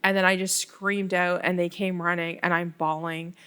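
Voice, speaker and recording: A middle-aged woman from Canada, a ward councillor in a casual interview, telling stories in an animated way and acting out the dialogue. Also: lowish voice, moderate pace, clear, resonant tone. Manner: animated storyteller, acts out quoted dialogue.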